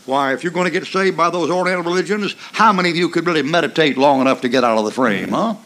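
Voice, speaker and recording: A man's voice: fairly high pitch, fast, fairly bright tone. Folksy preaching older man, drawl. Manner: folksy, emphatic preaching with mocking asides and chuckles. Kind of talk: sermon.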